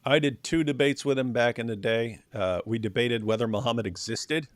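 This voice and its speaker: A man hosting a casual livestream chat, sarcastic and mocking, often trailing off quietly at the ends of lines. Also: medium pitch, unhurried, no room sound. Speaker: host.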